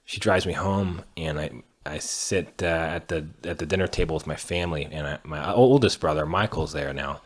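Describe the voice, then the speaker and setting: A young man with a very low, deep voice tells his own story as a candid monologue. He speaks haltingly, with frequent fillers and restarts, and swears now and then. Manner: earnest, candid, occasionally cursing. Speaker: patient telling his own illness story.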